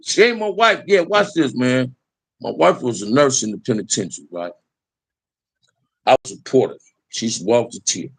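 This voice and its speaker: Gravelly man telling street stories. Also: mid-range voice, lively intonation, normal speed, long pauses. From Los Angeles area. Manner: streetwise, profane, addresses listener as man. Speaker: interviewee telling life stories. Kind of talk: casual storytelling.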